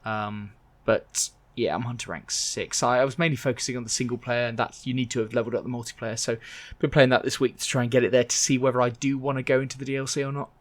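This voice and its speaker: A man's voice: mid-range voice, steady tone, fast, hardly any pauses. A man co-hosting a gaming podcast, talking casually and frankly with lots of hesitations and restarts. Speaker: podcast co-host.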